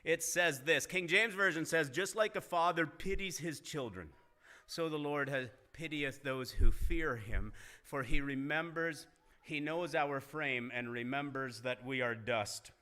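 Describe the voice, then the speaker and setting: Bright-voiced male pastor preaching. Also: a little high, measured pace. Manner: earnest preaching, rising emphasis in retold dialogue. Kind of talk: sermon. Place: church sanctuary.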